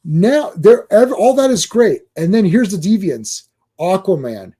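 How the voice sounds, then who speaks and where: A man co-hosting a podcast in casual chat, animated, who acts out other people's complaints in mocking voices. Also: high voice, unhurried, slightly rough. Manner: animated, mimics fans in mocking quoted voices. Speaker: podcast co-host.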